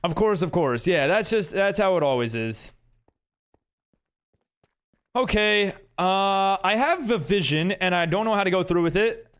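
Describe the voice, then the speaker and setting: A man's voice: high voice, animated, measured pace, pauses often, fairly bright tone, clean tone. A man streaming a game live, chatting casually with viewers and reading chat aloud in a rambling way full of fillers.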